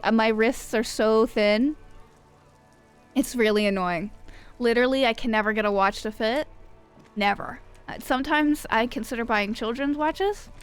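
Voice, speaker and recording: Woman streamer, slightly high voice, rambling, swears a lot, faint music behind. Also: a bit bright, clear, resonant tone. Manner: profane, rambling, self-mocking. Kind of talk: casual chat while gaming.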